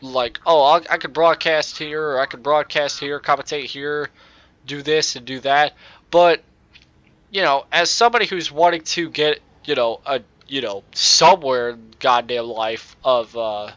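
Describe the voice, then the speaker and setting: A young man with a nasal voice, rambling excitedly and swearing at the game while he plays and chats on a cheap microphone. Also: a little high, measured pace, no room sound, muffled recording. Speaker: gaming YouTuber. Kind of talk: casual gameplay commentary.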